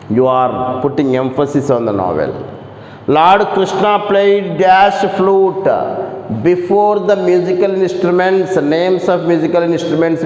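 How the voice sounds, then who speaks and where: A man's voice: on the high side, a little mellow. A man with an Indian English accent, teaching grammar in a lecture and repeating key phrases for emphasis. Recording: echoey room, muffled lo-fi audio.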